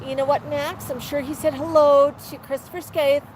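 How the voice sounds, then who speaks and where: The patio livestream host talks and jokes with her parrot, laughing along, her high-pitched voice steady, moderately paced and a little mellow. Faint street traffic can be heard, and the audio is poor.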